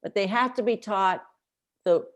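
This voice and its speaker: A woman's voice: medium pitch, a little slow. A woman on a parent panel explaining, step by step and in a practical way, how to teach children to break words into syllables. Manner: practical, explains steps in order. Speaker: reading specialist panelist. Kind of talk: casual panel discussion.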